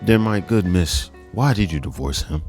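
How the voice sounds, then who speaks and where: A male host giving slangy, animated reaction commentary, with frequent laughing asides. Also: deep voice, moderate pace, faint music behind.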